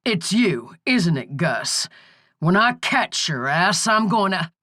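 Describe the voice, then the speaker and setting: A woman's voice: medium pitch, big pitch swings, slow pace, a bit bright, no room sound, clean studio sound, voice pushed up, full character voice. A woman voicing a male small-town sheriff who answers the phone with polite, formal patience. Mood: indignant.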